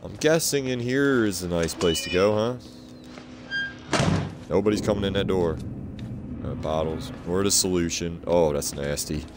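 A man with a low, deep voice talks through a horror game in let's play style. He swears freely and makes sarcastic quips. He keeps reacting with disgust at what he sees. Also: measured pace, long pauses, noisy background. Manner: sarcastic, profane, easily grossed out. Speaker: gaming video creator.

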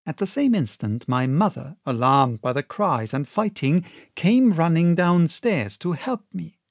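A man reading a classic novel aloud as an audiobook narrator, with measured and expressive storytelling. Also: a little high, vocal fry, dry recording, studio quality.

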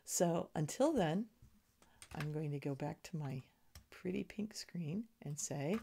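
A woman's voice: low voice, expressive, slow pace, creaky, mellow, breathy edge. A woman teaching an elementary music lesson to young children, encouraging them and chanting rhythm syllables. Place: screen in front of her.

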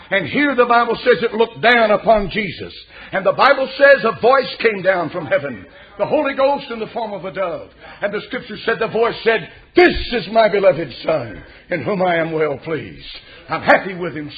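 A man preaching a sermon as pastor, moving from quiet storytelling to loud, fervent exhortation. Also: sits high, dull audio.

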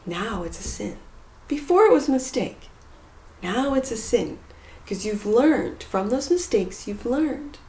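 A woman giving a spiritual tarot reading in an earnest, rambling way, sometimes dropping to a soft whisper. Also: a little high, very animated, measured pace. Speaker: tarot reader. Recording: echoey room with faint noise.

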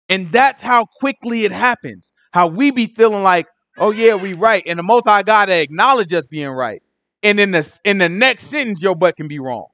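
A man explaining scripture in a relaxed, slangy way, full of animated asides to his listeners. His voice sits high for a man and sounds dry and close, with no room echo. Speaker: Bible teacher. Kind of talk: informal Bible teaching.

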